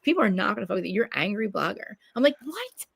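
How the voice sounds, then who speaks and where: A quick-talking woman, loud and blunt, swearing freely as she hosts a casual podcast. Her voice has a gravelly edge and sits close and dry on the mic. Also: mid-range voice, animated, no echo. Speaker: podcast host. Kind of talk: casual live podcast chat.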